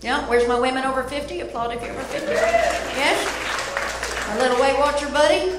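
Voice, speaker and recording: A woman's voice: high voice, very animated, a little fast, over a noisy crowd. A woman in her fifties performing a brash, self-mocking stand-up comedy routine on a club stage, chatting with the audience. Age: 50s. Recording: echoey live club, loud audience noise. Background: audience laughing and applauding.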